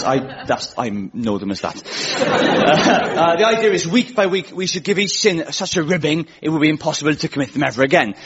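A Welsh man in his twenties hosting a comedy show, delivering a rambling, self-mocking stand-up monologue. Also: fairly high pitch. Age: 20s. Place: radio studio with live audience. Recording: lo-fi with loud audience laughter.

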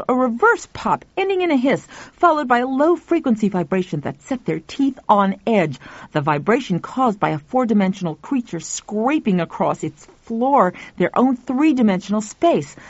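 Woman narrator, lively audiobook reading; dull, dry lo-fi recording. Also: medium pitch, no room sound.

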